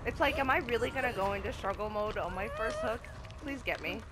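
A woman doing live gameplay commentary as a channel host, swearing often and yelping and shouting when she gets scared. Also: a little high, a little fast. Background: loud game music and sounds.

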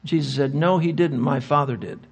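A man's voice: fairly high pitch, normal speed, vocal fry, husky. An older man speaking at a Bible conference, answering audience questions with emphatic rhetorical questions. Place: conference hall.

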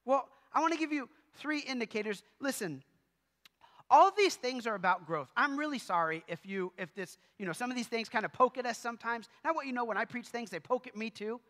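High, bright-voiced male pastor preaching. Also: expressive, brisk, in a large hall. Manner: conversational preaching with humorous asides. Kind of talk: sermon. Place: church sanctuary.

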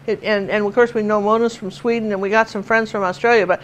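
A woman's voice: medium pitch, fairly even intonation, quick pace, muffled recording. An older woman from Washington State giving a chatty live painting lesson, telling stories and laughing as she works. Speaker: painting teacher.

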